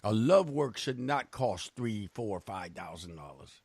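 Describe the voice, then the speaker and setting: A man's voice: fairly low pitch, measured pace, slightly rough, no room sound. A man co-hosting a casual radio chat, telling stories bluntly and with swearing. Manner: blunt, animated storytelling with profanity. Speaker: co-host.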